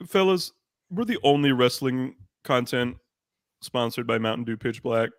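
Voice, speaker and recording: A man's voice: medium pitch, animated, moderate pace, no room sound, clean studio sound. Rambling, swearing podcast co-host man. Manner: rambling, swearing, many fillers and restarts. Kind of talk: casual live-stream banter. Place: room by candlelight. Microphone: handheld microphone.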